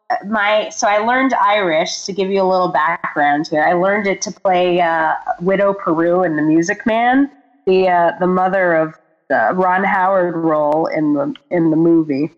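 A Texas woman who works as an actress and producer chats casually as an interview guest, friendly but a bit hesitant, with fillers. Her voice is fairly low and unhurried, and the recording sounds muffled.

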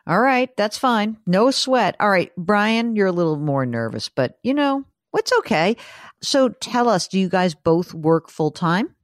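A woman hosting a call-in show, her pitch swinging up and down with lively energy. She talks in a chatty, joking way, recorded dry and close with no room sound. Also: unhurried, no room sound. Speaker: host. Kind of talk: radio call-in chat.

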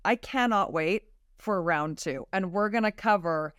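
Woman host, enthusiastic interviewer, lowish pitch, dry mic. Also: a little slow, fairly bright tone, dry recording. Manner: enthusiastic, eager. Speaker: podcast host. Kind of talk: interview wrap-up.

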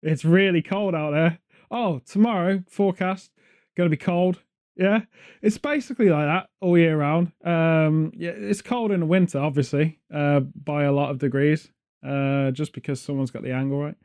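A man's voice: a little high, steady tone, normal speed, a little mellow. A man hosting a podcast, rambling and joking sarcastically in casual chat. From Britain. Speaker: podcast host.

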